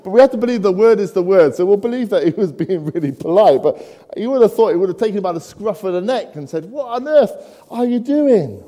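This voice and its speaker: A man's voice: high voice, lively intonation, fast, dark tone. A man preaching a sermon in a church, mixing humorous asides with rhetorical questions to the congregation. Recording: long church reverb.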